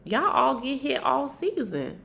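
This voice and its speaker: Gravelly woman giving a gossipy recap. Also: sits high, a little slow. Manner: animated, slangy, slips into acted quotes. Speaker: reality TV recap host.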